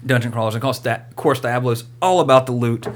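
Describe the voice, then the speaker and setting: A man's voice: medium pitch, quick pace, a little hiss or hum. A man hosting a podcast, talking animatedly about movies and games, swearing freely and acting out quotes in silly voices. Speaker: podcast host. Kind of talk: casual movie discussion.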